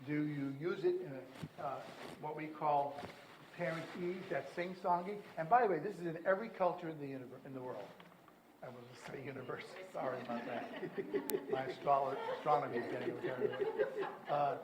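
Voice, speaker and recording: A man giving a conference lecture, rambling with animated asides. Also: a little high, fairly quick, roomy sound, a crowd in the background, poor audio. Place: conference hall.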